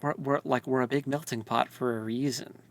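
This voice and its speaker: An animated man co-host chats loosely, with frequent laughs and fillers. His voice sits at an ordinary middle pitch. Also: brisk. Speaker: podcast co-host. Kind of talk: casual podcast discussion.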